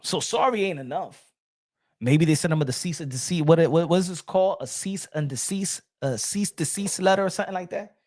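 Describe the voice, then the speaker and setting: A man's voice: fairly high pitch, brisk, darkish tone. A man hosting a boxing livestream, talking casually and animatedly, switching between English and Spanish and repeating himself.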